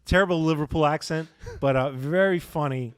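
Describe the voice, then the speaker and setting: A man co-hosting a podcast in casual chat, jokey and laughing often, slipping into quick mock voices. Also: on the high side, clean tone, no room sound, clean studio sound. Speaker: podcast co-host.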